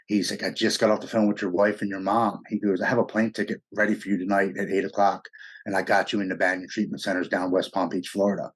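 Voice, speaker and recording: A man's voice: low-pitched, flat delivery, fast, slightly rough. A middle-aged American man telling his personal story as an interview guest, blunt, raw and profane. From United States.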